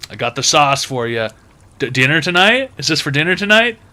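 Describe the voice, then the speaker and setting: A man putting on a prying, overly friendly grocery cashier who chirps small talk about every item. The voice sits a bit higher and brighter than the man's usual talk, cheerful and nosy. It is an unwelcome bright sing-song. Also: sing-song, fairly quick, full character voice.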